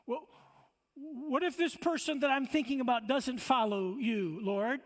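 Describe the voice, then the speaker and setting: A man's voice: very high-pitched, expressive, moderate pace. A man pastor preaching a sermon in a church, emphatic, with rhetorical questions and stammering restarts. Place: church sanctuary. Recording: long church reverb.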